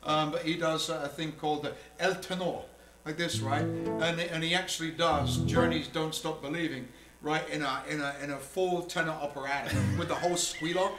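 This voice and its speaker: A man's voice: a little high, fairly even intonation, normal speed, reverberant, music in the background. A man from England with an English accent, chatting casually between songs and mimicking singers in bursts.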